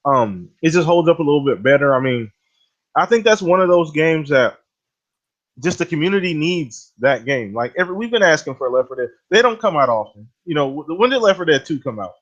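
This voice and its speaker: A man's voice: on the high side, very animated, brisk. A man co-hosting a casual gaming podcast, speaking bluntly with swearing and laid-back ranting. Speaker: podcast co-host. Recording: dull lo-fi audio.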